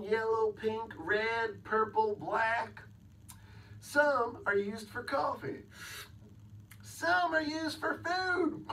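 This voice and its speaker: A children's show host reads a storybook tale to kids, playful and full of exclamations, sometimes singing and speaking directly to the boys and girls. The voice is mid-range with a fairly bright tone, picked up by a distant mic alongside clear music and a slight hiss or hum.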